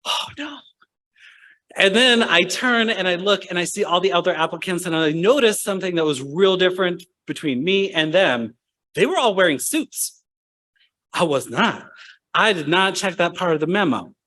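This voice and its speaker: A young man tells a funny personal story to a ceremony audience. His voice sits high for a man. He jumps into little acted-out voices along the way. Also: moderate pace. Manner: animated, acts out voices in his anecdotes. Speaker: speaker at a medical school ceremony. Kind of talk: humorous storytelling speech.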